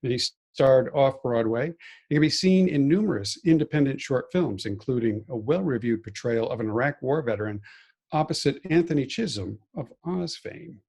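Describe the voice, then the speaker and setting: A man co-hosting a film festival podcast, telling relaxed personal anecdotes in casual chat. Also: medium pitch, normal speed, creaky, breathy edge. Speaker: podcast co-host.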